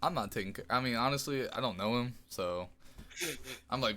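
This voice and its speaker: A man's voice: medium pitch, moderate pace, a little hiss or hum. A young man co-hosting a podcast, reacting and chatting casually with frequent swearing. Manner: animated, swearing, reacting with laughs. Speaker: podcast co-host. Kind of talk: casual chat.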